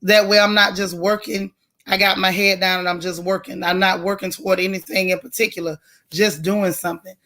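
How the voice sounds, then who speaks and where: A woman hosting a casual livestream, greeting viewers by name in folksy, drawn-out banter. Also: medium pitch, little pitch movement, a bit bright. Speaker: livestream host.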